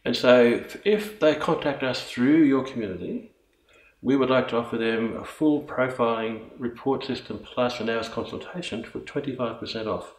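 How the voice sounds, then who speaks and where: A man's voice: mid-range voice, moderate pace. A man with an Australian accent, a guest in a casual podcast interview, talking eagerly and rambling in bursts. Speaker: guest, co-founder of a coaching business. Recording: echoey room.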